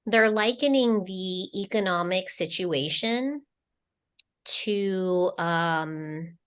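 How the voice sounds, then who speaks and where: A woman's voice: lowish voice, fairly bright tone, clean tone. A woman co-hosting a spiritual podcast, relaying channeled messages in a casual, meandering way with lots of fillers and restarts. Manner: slow, meandering delivery with many fillers and restarts.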